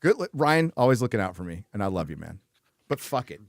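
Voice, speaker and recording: A man's voice: on the low side, big pitch swings, fast, vocal fry, dry recording, studio quality. A man hosting a casual chat show, blunt and frequently swearing, laughing between remarks. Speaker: host.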